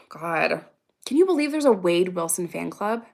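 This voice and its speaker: A woman's voice: on the low side, sing-song, measured pace, creaky. A woman in her thirties chatting casually on a livestream, reacting aloud to viewer comments in a rambling, profane way and laughing often. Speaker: vlogger answering viewer comments.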